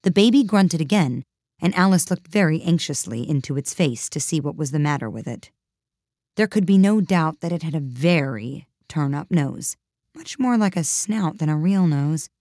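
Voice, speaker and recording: A woman narrating a storybook in a calm, even storytelling manner. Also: low voice, normal speed, no echo, studio quality. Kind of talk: storybook reading.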